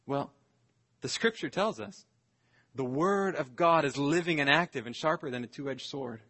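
Man, pastor, sermon, earnest, deliberate, slightly raised pitch, breathy husky tone. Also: pushed and bright. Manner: earnest, deliberate, slows to stress scripture phrases. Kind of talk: expository sermon.

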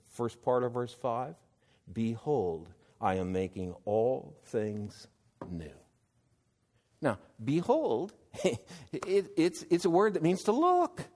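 A man preaching a sermon, slow and measured, building to emphatic exclamations. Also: on the low side, darkish tone, big-room sound.

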